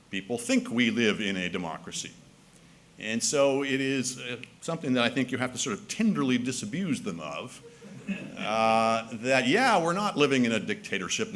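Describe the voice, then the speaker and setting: Lively, wry man giving a speech. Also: lowish voice, slight background noise. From Canada. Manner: lively, wry, argumentative, with frequent restarts and fillers. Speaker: speaker. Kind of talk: public speech. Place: assembly hall.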